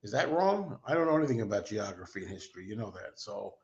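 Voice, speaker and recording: A man's voice: on the low side, very animated, quick pace, a little mellow, lo-fi sound. Rambling man hosting a chatty stream. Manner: rambling, self-deprecating, enthusiastic fan. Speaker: host. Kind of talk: casual livestream chat.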